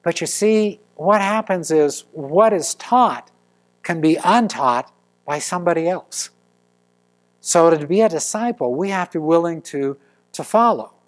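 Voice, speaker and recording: A middle-aged man preaching a sermon as pastor, telling stories with lively acted quotes. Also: a little high, unhurried.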